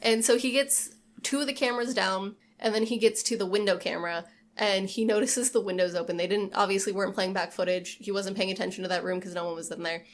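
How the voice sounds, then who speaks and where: Woman casually recapping with lively energy. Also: mid-range voice, fast. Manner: animated retelling, acts out quotes, swears freely. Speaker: podcast co-host. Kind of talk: casual film recap chat.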